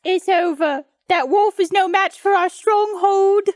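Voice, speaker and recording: A man voicing a cocky, boastful young boar in a squeaky falsetto for a comedic improvised story. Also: unhurried, no echo.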